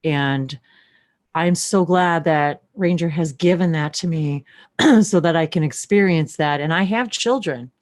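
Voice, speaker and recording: A woman's voice: low voice, a little slow. A woman hosting a live-stream chat, talking in a gushing, rambling way with many restarts and breaking into channeled light language. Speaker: host.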